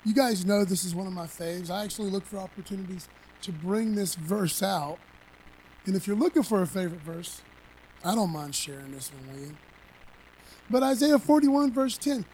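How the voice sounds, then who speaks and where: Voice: mid-range voice, a little mellow, slight background noise, rough recording. A preacher giving a conversational sermon, swinging between emphatic scripture reading and casual asides to the congregation.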